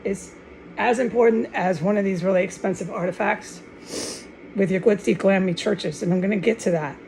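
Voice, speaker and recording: Gravelly-voiced woman in a rambling monologue. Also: mid-range voice, moderate pace, darkish tone, poor audio. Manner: rambling, restarts often, drops in Spanish words; fervent and insistent. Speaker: online video maker.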